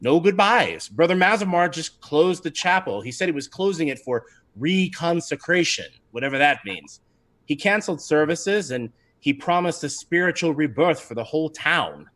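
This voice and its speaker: A man's voice: a little high, lively intonation, normal speed, a bit bright. A man voicing a burly village blacksmith who complains earnestly. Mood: worried.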